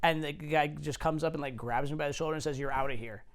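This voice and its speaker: A man's voice: a little high, fairly even intonation, fast. A man in his forties, a dating coach, telling stories casually, loose and profane with many fillers. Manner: swearing, filler-heavy, anecdotal. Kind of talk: casual storytelling.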